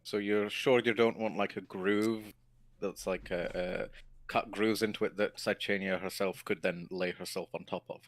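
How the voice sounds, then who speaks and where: A man voicing a patient, fatherly adult woodcarver in a tabletop role-play, speaking in a measured, thoughtful way. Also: lowish voice, fairly even intonation, natural voice. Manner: measured, thoughtful, asks clarifying questions. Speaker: tabletop game player.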